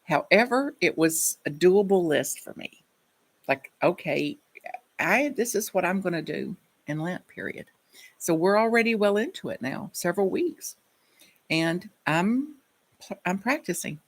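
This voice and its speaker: A woman's voice: on the low side, lively intonation, a little slow. A woman minister giving a reflective sermon, telling personal stories in a conversational way.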